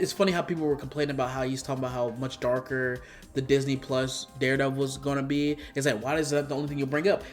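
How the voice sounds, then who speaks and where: Slangy, rambling young man with faint music. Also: fairly high pitch. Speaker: YouTube commentator. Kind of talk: casual opinion vlog. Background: faint background music.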